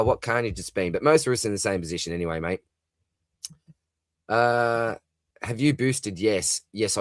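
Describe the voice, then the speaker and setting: A man's voice: on the low side, no echo. An Australian man hosting a casual live talkback stream, reading viewer comments aloud and answering them in a chatty way, often calling people "mate". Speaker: livestream host.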